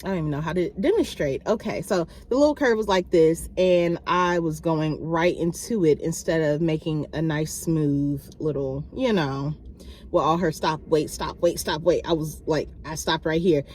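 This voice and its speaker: A woman vlogger telling a personal story to camera in a casual, animated way, acting out quoted exchanges. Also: normal speed, slight background noise. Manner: animated, acts out quoted exchanges with big pitch jumps; many fillers and restarts, talks to viewers directly.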